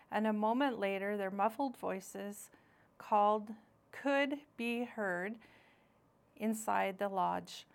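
A woman narrating a children's audiobook, reading clearly. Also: mid-range voice.

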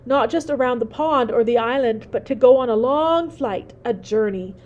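A woman's voice: fairly high pitch, moderate pace, a little mellow, highs cut off, close to an everyday voice. A woman voicing an anxious young male gosling who asks childlike questions in a storybook reading.

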